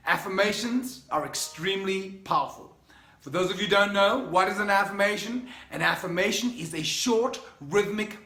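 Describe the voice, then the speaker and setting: A man's voice: high-pitched, fairly bright tone. South African man, middle-aged, enthusiastic motivational vlogger, echoey room. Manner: enthusiastic, emphatic, conversational. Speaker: motivational speaker. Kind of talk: motivational vlog talk.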